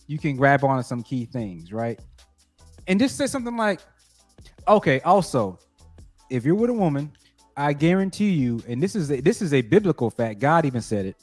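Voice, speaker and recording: A man's voice: medium pitch, a little mellow. A man co-hosting a casual podcast chat, giving mock-earnest advice in a joking, profane way. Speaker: co-host.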